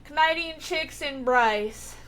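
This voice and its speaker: A woman's voice: sits high, takes it slowly, a bit bright, slight background noise, voice pushed up, rough recording. A woman voicing a flirty grown man in a put-on Southern US accent, with a smarmy come-on drawl.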